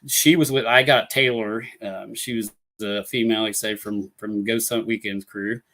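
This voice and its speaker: A man's voice: lowish voice, fairly even intonation, moderate pace, bright, forceful tone. A man hosting a paranormal talk show live, telling a story in a rambling casual way full of fillers and restarts, over a computer mic. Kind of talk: casual live-stream chat. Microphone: computer mic on a live stream.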